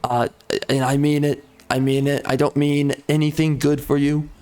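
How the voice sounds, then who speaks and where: A man's voice: on the high side, flat delivery, normal speed, a little mellow, faint music behind. A man giving casual gameplay commentary, ranting in a mock-outraged, sarcastic way. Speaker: strategy game YouTuber.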